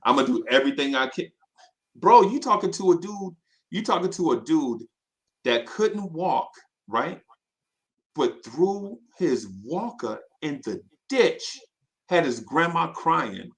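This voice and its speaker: A man telling personal stories in casual chat, animated and full of fillers and asides. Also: on the high side, measured pace.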